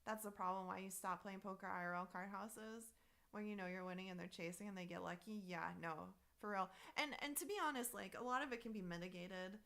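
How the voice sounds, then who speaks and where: A woman streaming live and chatting casually about her poker sessions, with a bright, forceful tone. Her voice has a gravelly, fry-laden edge. She talks in an animated, exasperated way and swears freely. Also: mid-range voice, fairly quick. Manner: reads out and answers viewer chat messages.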